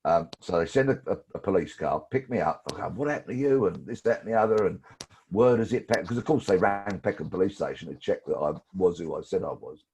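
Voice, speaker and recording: Guest in his 60s, very low husky voice, lively storyteller. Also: fairly quick. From London. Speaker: guest, former police detective. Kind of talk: storytelling interview.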